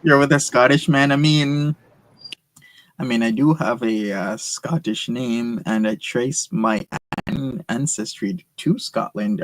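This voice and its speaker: Male streamer, mid-pitched, mocking banter over a clip. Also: measured pace, a little hiss or hum. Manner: teasing, mocking banter with chat. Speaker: stream host reacting to a clip. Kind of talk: casual commentary.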